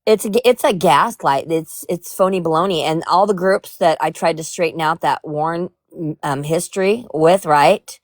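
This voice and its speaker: A woman's voice: lowish voice, normal speed, few pauses, no room sound. Blunt joking woman on a dry mic. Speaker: live stream participant. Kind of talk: casual chat.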